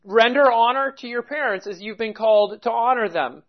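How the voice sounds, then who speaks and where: A man preaching a measured expository sermon, reading and explaining scripture with pauses. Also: extremely high pitch, dull audio. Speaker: pastor.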